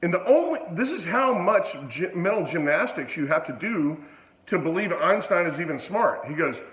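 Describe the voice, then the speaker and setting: A man's voice: high-pitched, big pitch swings, moderate pace, fairly bright tone, roomy sound, rough recording. Blunt, profane man ranting. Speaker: channel host. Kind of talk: casual vlog rant.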